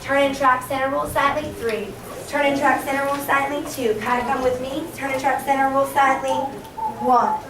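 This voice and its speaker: A young woman teaching an elementary class, giving brisk countdowns, directions and praise to her students. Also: high-pitched, little pitch movement, noisy background. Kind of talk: classroom management. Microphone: camera across the room. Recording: distant echoey classroom camera audio. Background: children moving about.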